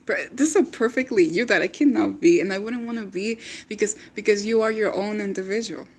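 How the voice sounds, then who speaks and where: A woman's voice: mid-range voice, a little fast, darkish tone. A woman giving a devotional talk on a livestream, chatty and encouraging, often laughing and repeating her words. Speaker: online prophetic speaker.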